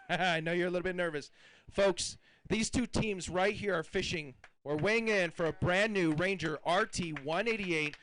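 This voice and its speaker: A man's voice: sits high, normal speed, a bit bright, low-quality recording. A man emceeing a fishing tournament weigh-in, announcing weights and hyping the crowd in an upbeat way.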